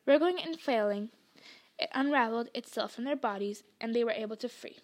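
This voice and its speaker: A woman with a high voice reads a book chapter aloud for a podcast. Her narration is expressive, with the pace slowing and quickening to fit the scene. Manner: expressive storytelling. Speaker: podcast reader. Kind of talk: audiobook narration.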